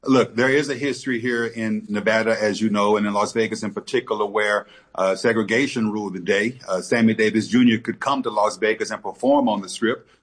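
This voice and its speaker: A middle-aged man from Texas talks in a relaxed, folksy way, full of "you know" and "man." His voice is somewhat husky. He speaks as a guest on a radio interview. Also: lowish voice, a little fast, few pauses. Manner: relaxed, folksy, many fillers. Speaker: politician, guest.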